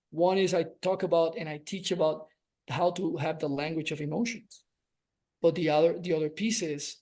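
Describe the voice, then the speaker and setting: A man speaking as a relationship coach on a podcast, earnest and reflective, stretching out key words for emphasis. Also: on the high side. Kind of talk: reflective conversational podcast talk.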